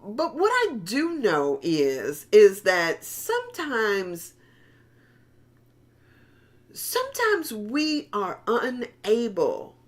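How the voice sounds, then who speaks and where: A woman's voice: mid-range voice, wildly swooping pitch, extremely slow. A middle-aged woman pastor giving a sermon in a conversational style, often repeating and restarting words and addressing the congregation directly.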